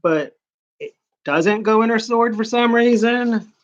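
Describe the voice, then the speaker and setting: A man's voice: very high voice, measured pace. A man talks through a comic book in a casual review, sarcastic and rambling. He keeps throwing in mocking asides. The recording sounds dull and lo-fi.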